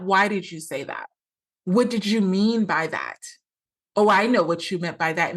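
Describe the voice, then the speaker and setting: A woman's voice: lowish voice, fairly bright tone. A woman hosting a solo podcast, talking earnestly as a coach and acting out quoted lines with a lot of repetition.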